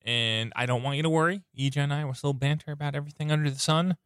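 Male podcast host, under the weather, strained voice, rambling and excited, dry close-mic sound. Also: fairly high pitch, quick pace, clear, resonant tone, dry recording. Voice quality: sounds like something in his mouth. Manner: rambling, enthusiastic, self-interrupting. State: sick, voice strained. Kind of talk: casual podcast chat.

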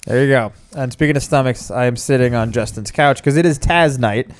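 A man's voice: mid-range voice, a little fast, no room sound. A man co-hosting a podcast, chatting casually and joking with fillers and asides. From Italian heritage. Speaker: podcast co-host.

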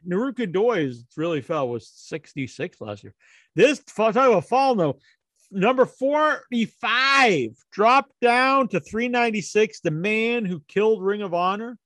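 A man's voice: high voice, a bit bright, no echo, clean studio sound. A man hosting his own show, counting down a ranking with jokey, rambling, crude asides. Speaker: host counting down a wrestler ranking. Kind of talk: casual solo commentary.

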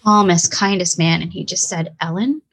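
A middle-aged woman tells her story as a guest, talkative and a bit hyper. Her voice sits at an ordinary middle pitch. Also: normal speed, fairly bright tone. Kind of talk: storytelling in a conversation.

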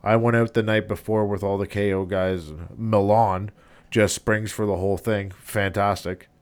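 A man's voice: on the low side, level tone, normal speed, clean tone. A man hosting a podcast in casual chat, easygoing and blunt, with occasional swearing. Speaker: podcast host.

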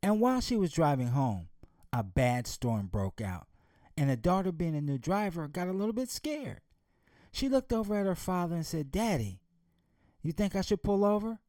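Fields: lively, emphatic motivational speaker, man. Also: fairly high pitch, moderate pace, dry recording, studio quality. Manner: emphatic, preacherly, with rhetorical questions. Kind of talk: motivational talk with storytelling.

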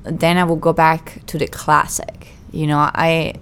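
A woman's voice: low-pitched, flat delivery, a little slow, a bit bright, slight background noise. A woman, co-hosting a podcast in casual chat, talkative and self-deprecating, restarting her sentences often. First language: Italian. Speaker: podcast co-host.

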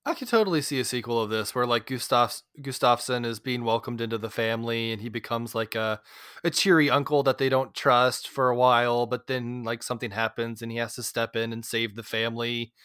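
A man hosting a relaxed movie talk, his voice at an everyday middle pitch. He chats loosely and laughs easily. The sound is dry and close. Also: brisk, clear, resonant tone, no echo. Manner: chatty, uses "like" a lot, laughs easily. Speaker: podcast host. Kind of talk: casual movie discussion.

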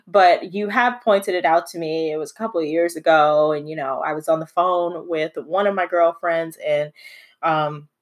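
A low-voiced woman in easy conversation. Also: steady tone, normal speed. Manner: conversational, thinks out loud with fillers. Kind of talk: casual chat.

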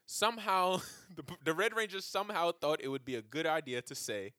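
A man co-hosting a podcast, telling stories in casual comedic chat, animated and profane, laughing often. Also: on the high side, a little fast, no room sound, studio quality. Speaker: podcast co-host.

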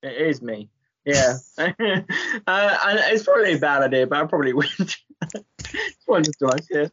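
A man's voice: on the high side, normal speed, fairly bright tone, dull audio. A man co-hosting a podcast in casual chat, laughing often and self-deprecating. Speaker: podcast co-host.

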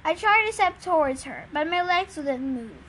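A woman reads a novel aloud in an earnest, plain manner. Her voice sits high. A faint hiss of noise runs under the recording. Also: very animated, normal speed, fairly bright tone. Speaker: reader.

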